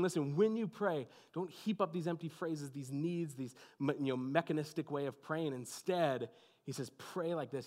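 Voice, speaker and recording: Higher-pitched male pastor, talky and informal from the pulpit. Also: a little mellow. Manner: conversational preaching, many "like" and "you know what I mean". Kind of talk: sermon.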